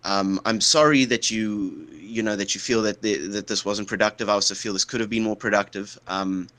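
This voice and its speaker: An emotional man arguing hard in a debate, his voice bright and forceful. He rambles in long runs, stumbling over fillers and restarting his sentences as he pushes his point. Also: fairly low pitch, fairly quick. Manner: impassioned, rambling, heavy with fillers. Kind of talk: heated debate.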